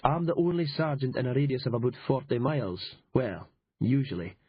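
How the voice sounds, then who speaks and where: A gruff, sarcastic village police sergeant, as a male narrator plays him, speaking in a Northern Scottish accent with a husky edge. He sounds worn down and irritable, a little higher than the storyteller's plain voice. The audiobook recording is slightly dull. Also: big pitch swings, fairly quick, no echo. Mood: exasperated. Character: weary, irritable rural police sergeant, middle-aged man.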